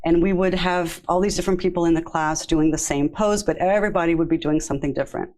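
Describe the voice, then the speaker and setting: Woman interview guest, deep voice, warm storyteller, relaxed and chatty. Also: fast talker, poor audio. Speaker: yoga therapist guest. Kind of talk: casual interview.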